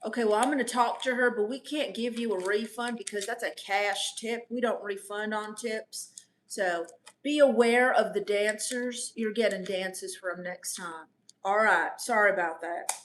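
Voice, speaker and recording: A woman putting on a flat, businesslike club manager who fakes a plain American voice. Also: medium pitch, moderate pace, slight background noise, close to an everyday voice.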